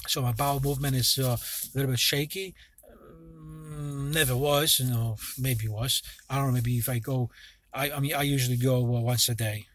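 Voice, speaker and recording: A man's voice: medium pitch, a bit bright. Rambling, foul-mouthed man vlogging. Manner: rambling and profane, with many restarts. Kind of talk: casual vlog rant.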